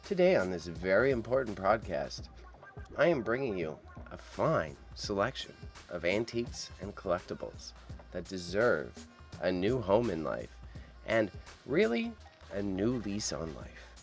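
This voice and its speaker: A man putting on the voice of a mellow male public radio host, soft and slow. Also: sits low, very animated, faint music behind, pitched below the performer's own voice, exaggerated voice. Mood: soothing. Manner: soft, slow, intimate delivery.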